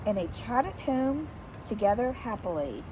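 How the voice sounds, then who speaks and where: Woman slowly reading a children's story. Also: on the high side, background noise. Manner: slow, expressive and gentle. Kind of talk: reading a children's picture book aloud.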